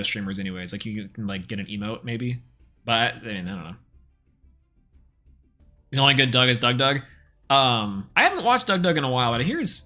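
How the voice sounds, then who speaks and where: Bright-voiced man streaming a card game. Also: medium pitch. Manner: casual, chatty play-by-play, thinking aloud. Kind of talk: live gameplay commentary.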